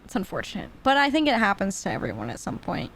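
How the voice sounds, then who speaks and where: A woman's voice: medium pitch, huge pitch swings, fast, vocal fry, fairly bright tone. A woman chatting casually on a podcast, swearing freely and joking. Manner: laughs often, swears, chatty. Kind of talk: casual chat.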